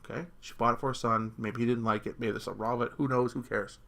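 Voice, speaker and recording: A man's voice: medium pitch, steady tone, fast talker, creaky, fairly bright tone. A man delivering a blunt opinion rant as a vlogger, speaking crudely and rambling through restarts, often tacking "okay?" onto his points.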